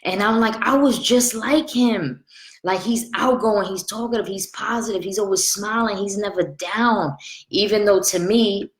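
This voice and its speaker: A woman's voice: mid-range voice, steady tone, moderate pace, reverberant, low-quality recording. A woman in her late thirties giving an earnest, conversational motivational talk as a spiritual life coach, repeating phrases for emphasis. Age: 30s.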